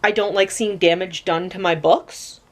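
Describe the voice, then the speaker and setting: A woman's voice: lowish voice, fairly even intonation, normal speed. Chatty young woman rambling through a haul. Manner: chatty, rambling, swears casually, lots of "like". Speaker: vlogger. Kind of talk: casual haul vlog. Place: home room.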